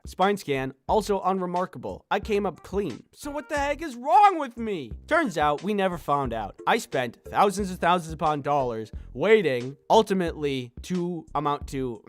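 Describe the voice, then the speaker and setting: A young man from the United States telling a personal story in a sarcastic, exasperated way, acting out his own reactions. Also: fairly high pitch. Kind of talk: animated storytime narration.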